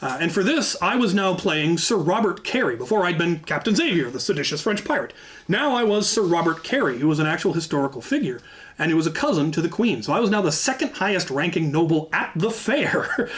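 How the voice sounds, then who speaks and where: Man with a fairly high voice spinning a yarn. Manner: lively anecdotal retelling with frequent asides. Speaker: channel host telling a story. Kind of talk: casual storytelling.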